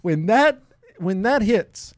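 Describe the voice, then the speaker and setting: A middle-aged man co-hosting a podcast in casual chat, emphatic and quick to laugh. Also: sits high, expressive, no echo, clean studio sound. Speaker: podcast co-host.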